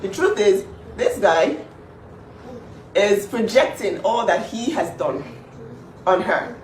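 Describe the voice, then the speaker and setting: In a home-kitchen vlog, a woman speaks slowly but animatedly at medium pitch, sticking up for her younger sister. She repeats herself emphatically and uses many fillers, and the echoey room, distant mic, and faint background noise are audible.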